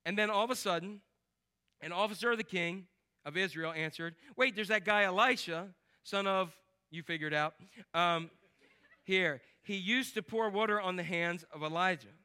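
A man preaching a lively, joking sermon in church and quizzing the congregation. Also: high-pitched, moderate pace, smooth. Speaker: pastor.

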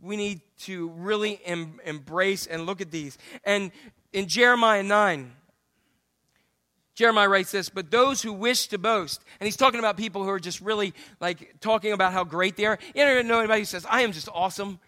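A man's voice: high voice, moderate pace, pushed and bright. A man preaching a sermon as pastor in a church, joking and chatting with the congregation as he goes. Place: church sanctuary.

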